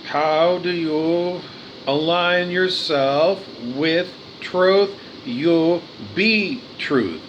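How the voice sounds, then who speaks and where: Man, high voice, unhurried, earnest spiritual monologue, repetitive. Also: muffled recording, slight background noise. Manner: earnest, repetitive, with stumbles and restarts.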